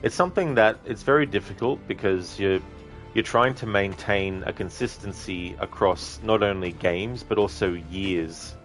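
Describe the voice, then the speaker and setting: A man with a notably low, deep voice chats casually with his viewers while he plays a video game live, rambling through his answers. Faint game music plays behind him. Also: moderate pace. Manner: rambling, talkative, answers chat directly. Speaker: gaming streamer. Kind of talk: casual live-stream chat while playing.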